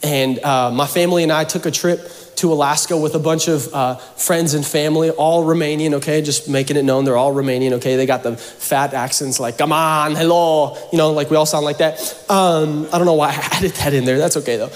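A man's voice: on the high side, fairly even intonation, a little fast, hardly any pauses, long reverb tail. A pastor from Seattle preaching a sermon to his congregation in church, mixing scripture with jokes and playful asides. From Seattle, USA.

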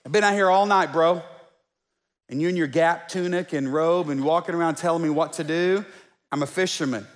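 A preacher slips into a cantankerous fisherman who is brash and defensive, talking back with a high voice. A long reverb hangs after each phrase. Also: fairly quick, close to an everyday voice. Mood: annoyed. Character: gruff, hotheaded male fisherman. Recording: long church-hall reverb.

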